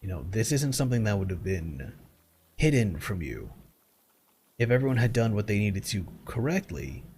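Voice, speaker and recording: A man's voice: on the low side, sing-song, normal speed, darkish tone, a little hiss or hum. Rambling, foul-mouthed man streamer. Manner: rambling, blunt, swears casually. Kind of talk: casual live-stream chat while gaming.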